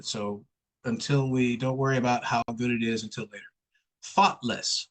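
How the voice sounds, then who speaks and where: A man's voice: mid-range voice, steady tone, rough recording. A man teaching English pronunciation in an online one-on-one lesson, patient and repeating sounds for the student to copy. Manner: patient, slow, drills sounds with repetition.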